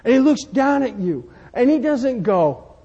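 A man's voice: very high-pitched, big pitch swings, a little slow, gravelly, warm tone, breathy edge. A man preaching a sermon, telling folksy stories and repeating words as he builds to fervent emphasis. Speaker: pastor. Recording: dull sound, long hall reverb.

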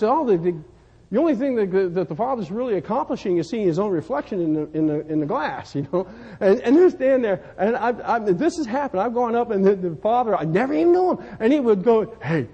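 His voice is high-pitched, mellow and husky as this pastor delivers a sermon of folksy stories, repeating words on the way to fervent emphasis. The audio is dull and carries a long reverb from the hall.

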